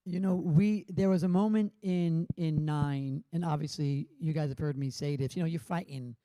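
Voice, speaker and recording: Man, high voice, dry close sound, animated storyteller on a panel. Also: moderate pace, dry recording. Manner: animated storyteller, acts out quotes. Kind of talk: anecdote-telling panel talk.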